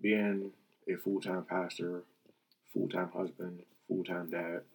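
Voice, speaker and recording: A man who is a pastor, chatting casually on a podcast, laughing easily and pausing to think aloud. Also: low-pitched, level tone, husky, rough recording. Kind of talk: casual chat.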